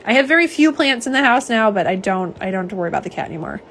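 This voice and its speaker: A young woman who swatches nail polish chats on a live stream from her home office, reading viewer comments in a warm, rambling way full of fillers and asides. Her voice is middle-pitched, sing-song, and rapid-fire, with a faint hiss of noise behind it.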